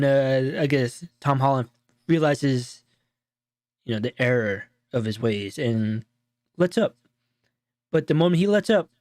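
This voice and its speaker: A man co-hosting a show, casually breaking down a movie in a rambling, animated retelling full of fillers. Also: mid-range voice, no echo, studio quality. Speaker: show co-host.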